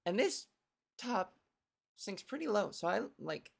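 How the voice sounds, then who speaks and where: A woman's voice: mid-range voice, big pitch swings, measured pace, gravelly. A woman hosting her own solo comedy podcast, talking casually from home into a microphone, rambling, self-deprecating and swearing freely. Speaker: podcast host and stand-up comedian.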